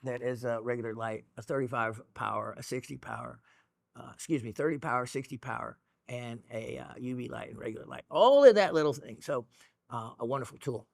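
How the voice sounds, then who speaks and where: A male host chats his way through a gemstone lesson, rambling and restarting with plenty of fillers. His voice sits at an ordinary middle pitch. It sounds dry and close, recorded on a studio set. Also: fairly quick, vocal fry, no room sound. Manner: chatty and encouraging. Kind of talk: casual educational talk.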